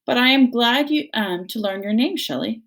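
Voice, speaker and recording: A courteous, stiff-spoken female robot, gentle and formal in every phrase, as a woman reads her aloud. The voice sits higher and a touch gravelly, with a lively lift. It suits a storybook reading. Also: normal speed. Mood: polite. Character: calm polite female robot, tall and gentle.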